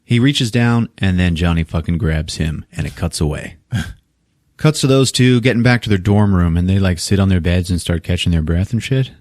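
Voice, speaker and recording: Podcast host, male, deep-ish voice with a very animated delivery; retells film scenes and does the characters' voices, dry studio sound. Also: moderate pace, dry recording. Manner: animated retelling, acts out characters' lines, laughs often, swears a lot. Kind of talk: casual movie recap.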